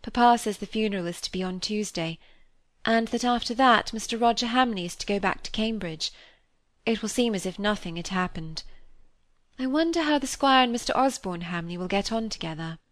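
A woman reading an earnest, gentle young girl. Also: mid-range voice, fairly quick, dry recording, close to an everyday voice. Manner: grave, simple, earnest. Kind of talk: reading a classic novel aloud.

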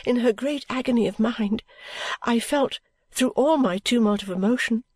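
A woman reading a novel aloud as a first-person audiobook narrator, with a calm, even storytelling delivery. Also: fairly high pitch, moderate pace, breathy edge, dry recording. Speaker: audiobook reader.

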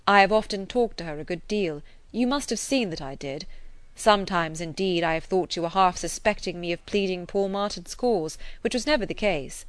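A woman voicing an earnest, frank older gentleman in a read-aloud novel, speaking emphatically. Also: fairly low pitch, moderate pace, dry recording, close to an everyday voice. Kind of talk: audiobook character voice.

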